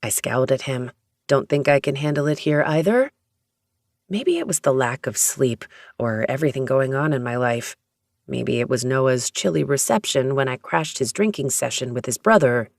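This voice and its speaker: An audiobook narrator reading a first-person romance story in a steady, even storytelling manner. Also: mid-range voice, normal speed, vocal fry, dry recording, clean studio sound.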